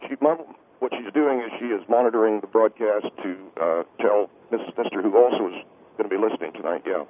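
A man's voice: lowish voice, quick pace, slight background noise, voice pushed down, natural voice. A man playing a flustered, anxious father who stammers and hesitates as a call-in radio guest. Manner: stammering, hesitant, many uh's. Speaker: guest on phone. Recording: tinny phone line.

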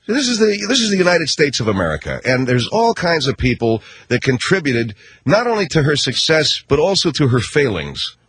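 A man's voice: on the high side, sing-song, a bit bright, slight background noise. A man hosting a talk show, delivering a combative, sarcastic rant. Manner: combative, sarcastic, rapid ranting. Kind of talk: ranting talk-radio commentary.

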